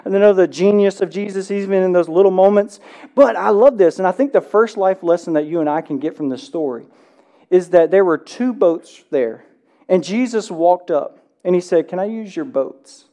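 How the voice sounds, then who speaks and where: A male pastor in his thirties delivers a sermon, reading a passage aloud before breaking into lively, conversational commentary. His voice sits high for a man, with a dark, mellow tone. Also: normal speed. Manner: reads scripture then preaches with animated asides.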